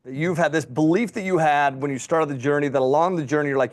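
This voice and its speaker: A man's voice: a little high, fast talker. A man hosting a podcast interview, enthusiastic and affirming, calling his guest dude and bro. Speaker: podcast host.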